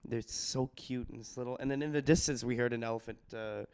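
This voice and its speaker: A young man hosting a casual podcast chat, telling travel stories in an excited, animated way. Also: medium pitch, fairly quick, smooth. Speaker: podcast host.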